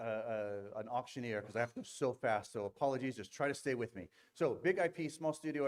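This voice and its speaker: A man giving a quick, candid industry talk on stage at a games event, with joking asides. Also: medium pitch. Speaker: conference speaker. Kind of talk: fast-paced industry talk.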